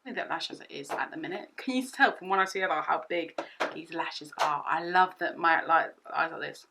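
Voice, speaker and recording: A young woman chatting through a makeup tutorial at home, excitable and rambling, often repeating herself. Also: sits low, brisk, background noise. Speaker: beauty vlogger.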